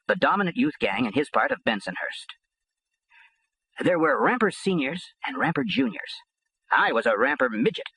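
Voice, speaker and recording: A man narrating an audiobook in the first person, blunt and streetwise. His voice is bright and slightly husky, with animated pitch and a dry, close sound. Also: dry recording, poor audio.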